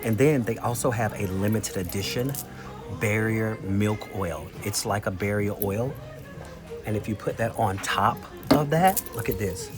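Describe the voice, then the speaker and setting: A man chatting casually to camera in a weekly vlog, telling stories and showing off products in an animated, talkative way. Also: on the low side, measured pace, over music. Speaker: vlogger. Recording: noticeable background noise.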